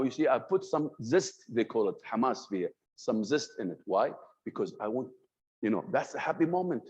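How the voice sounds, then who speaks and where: A man, an Arabic speaker, lecturing a class on communication and freely raising and dropping his voice as he mixes Arabic words into his English. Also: medium pitch. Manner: animated, swings his voice up and down on purpose. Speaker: trainer in communication skills. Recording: dull lo-fi sound.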